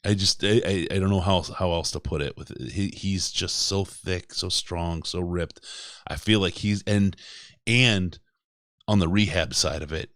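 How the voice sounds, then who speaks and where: A man's voice: low voice, fairly even intonation, a little slow, a bit bright, dry recording, studio quality. A man hosting a casual sports podcast, rambling and joking and laughing often. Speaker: podcast host.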